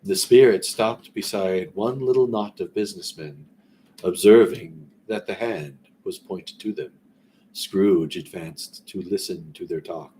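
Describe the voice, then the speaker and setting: A man reading a classic story aloud in a relaxed way, breaking off now and then for rambling, conversational asides. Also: low-pitched, a little slow, slight background noise. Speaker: story reader.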